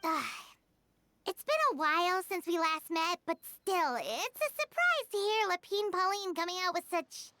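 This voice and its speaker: Paimon, a squeaky little companion. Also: female voice, animated, moderate pace, pushed and bright, no echo, heavily acted. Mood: cheeky. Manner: blunt, teasing, talks of herself by name. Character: small floating girl companion, chatty and cheeky. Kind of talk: video game cutscene dialogue.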